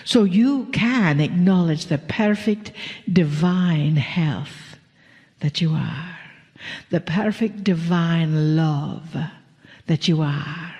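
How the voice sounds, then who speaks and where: A woman's fairly low voice carries a long reverb tail as she channels a spiritual message for an audience. Her delivery is slow and gentle, sometimes playful, and frequently sinks to a whisper.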